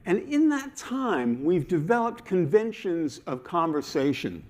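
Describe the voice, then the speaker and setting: A man delivers a talk from a conference stage. His voice sits a little high and leaps around expressively, and he acts out his examples with playful emphasis. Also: a little slow. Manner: animated and playful, acting out examples. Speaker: conference speaker.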